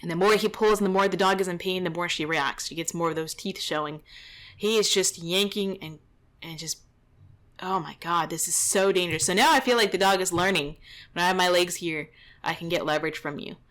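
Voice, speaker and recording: A woman's voice: on the low side, fairly quick, fairly bright tone. A young adult woman, a dog trainer, giving indignant, exasperated running commentary over a training video.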